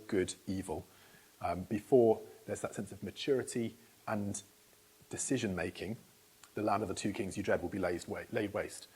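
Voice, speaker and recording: A man's voice: lowish voice, a little mellow, breathy edge. A middle-aged man preaching a conversational sermon, putting questions to the congregation and often restarting his phrases. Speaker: pastor. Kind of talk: interactive sermon. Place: church hall.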